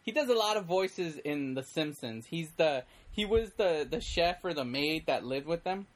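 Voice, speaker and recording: A person in easygoing conversation, talking in loose, looping sentences that keep doubling back. The voice sits at an ordinary middle pitch, neither high nor low. It sounds like one friend rambling to another. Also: lively intonation, normal speed. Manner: rambling, heavy use of "like", many restarts. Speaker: film fan in conversation. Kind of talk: casual chat.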